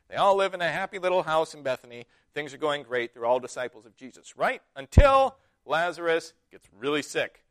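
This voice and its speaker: Man, sermon, animated storytelling, lively voice, dry close sound. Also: on the high side, dry recording. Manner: animated storytelling, acting out quotes with big swings from loud to hushed. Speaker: preacher.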